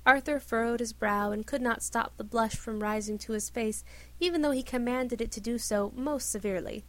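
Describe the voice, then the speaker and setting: A woman reading a story aloud with expressive narration. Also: a little high, normal speed. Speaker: reader. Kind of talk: reading fan fiction aloud.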